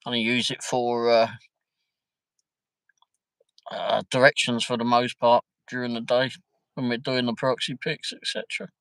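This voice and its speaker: A man's voice: medium pitch, fairly even intonation, normal speed, pauses often, fairly bright tone, clean tone, dry recording, poor audio. A man hosting a casual livestream from home, chatting and joking as he answers viewer comments. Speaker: livestream host. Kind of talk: casual live-stream chat.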